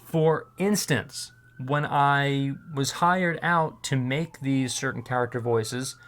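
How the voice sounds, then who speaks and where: A man's voice: mid-range voice, slow, a bit bright. Man with a worn-out voice, talking casually. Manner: rambling, with many fillers and restarts. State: voice strained and worn out. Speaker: voiceover artist. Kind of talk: casual vlog talk.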